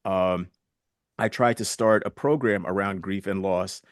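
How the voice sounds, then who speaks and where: A man in his sixties speaks as a guest in an interview, earnest and reflective. His voice sits somewhat low. The recording is dry, with little room sound. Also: measured pace, no echo. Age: 60s. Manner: earnest, reflective, retells conversations. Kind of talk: conversational interview storytelling.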